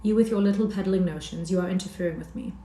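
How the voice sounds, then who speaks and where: Ailing grandiose man, bitter and scornful, read by a woman narrator, low dark tone. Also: quick pace, natural voice. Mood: defiant. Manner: bitter and contemptuous. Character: sick, defiant, grandiose older man. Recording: roomy echo.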